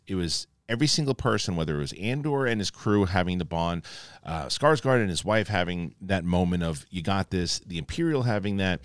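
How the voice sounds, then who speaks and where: A man gives a casual spoiler review in a fairly low voice. He talks excitably and rambles, often restarting his sentences. The recording sounds close and dry. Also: no room sound. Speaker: host reviewing a TV episode.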